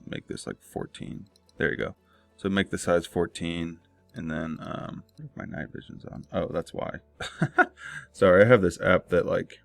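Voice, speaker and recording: Young man, very low voice, rambling screen-share tutorial, dry close sound, faint music behind. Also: gravelly, no room sound. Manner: loose and rambling, lots of fillers and self-corrections. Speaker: online marketing tutor.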